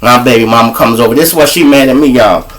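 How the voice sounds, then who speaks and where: A man's voice: medium pitch, quick pace, a bit bright. A man hosting a live show, telling crude, preachy comic stories. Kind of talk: profane comic storytelling.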